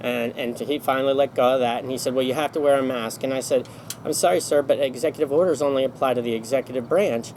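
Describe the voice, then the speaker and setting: A man's voice: mid-range voice, steady tone, fast talker, darkish tone, a little hiss or hum, poor audio. A man vlogging in a casual storytelling monologue, rambling along with many restarts and self-corrections.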